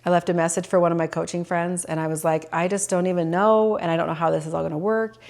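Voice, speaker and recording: A woman's voice: lowish voice, fairly even intonation, fast, creaky, a little mellow. A middle-aged woman hosting a personal podcast, talking earnestly and openly emotional about her own life, with plenty of fillers and restarts. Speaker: podcast host. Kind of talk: personal reflective podcast monologue.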